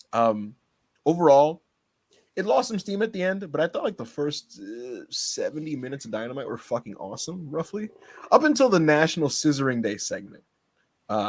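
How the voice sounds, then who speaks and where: A man co-hosting a casual podcast, excitable and teasing, laughing often as he talks. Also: on the high side. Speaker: podcast co-host.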